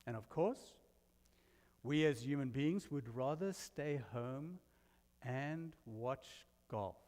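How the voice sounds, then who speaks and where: Guy preaching a sermon, funny self-deprecating stories, mid pitch, long hall reverb. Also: slow. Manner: animated storyteller, self-deprecating humor. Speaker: guest minister. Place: church sanctuary.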